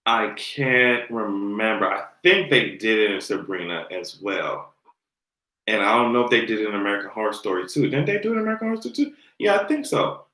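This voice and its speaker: A man hosting a casual livestream, ranting about pop culture in an animated, exasperated way and laughing often. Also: on the low side, a little fast, roomy sound, poor audio. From Jamaican heritage. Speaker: livestream host. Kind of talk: casual commentary rant.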